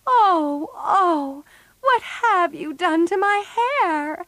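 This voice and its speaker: A woman's voice: mid-range voice, slow pace, no echo. A woman voicing an eager, fussy teenage girl in a storybook reading. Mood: distraught. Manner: excited, pleading.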